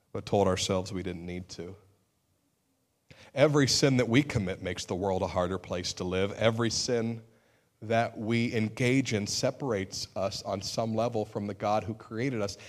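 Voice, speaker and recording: Man, middle-aged, preaching, earnest, emphatic bursts, self-deprecating. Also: lowish voice. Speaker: pastor. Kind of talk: sermon.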